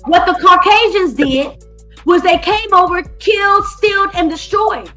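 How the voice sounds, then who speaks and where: A woman's voice: very high-pitched, measured pace, music in the background. A woman hosting a heated live-stream debate, blunt and profane, cutting in often. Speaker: stream host.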